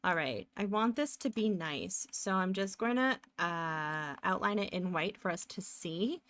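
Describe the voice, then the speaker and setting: A woman's voice: on the low side, animated, a little slow, a bit bright, no echo. Woman streamer chatting while she draws, rambly and giggly, pretty dry close mic. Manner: rambling, self-narrating, laughs often, trails off. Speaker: live streamer. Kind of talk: casual chat while drawing live.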